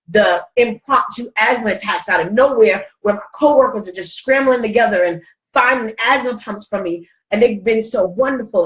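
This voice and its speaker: A woman's voice: fairly high pitch, a bit bright, muffled recording. Middle-aged woman host, heartfelt storytelling, roomy distant sound. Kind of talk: casual chat.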